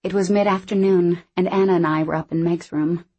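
A woman narrating a novel in the first person in a measured, reflective way. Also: on the low side, steady tone, mellow, husky. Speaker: audiobook narrator.

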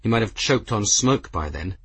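A man narrates a fantasy story with a steady, dramatic delivery. His voice sits low and sounds husky. The recording is close and dry. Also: normal speed, no echo. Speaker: audiobook narrator. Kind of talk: scripted narration.

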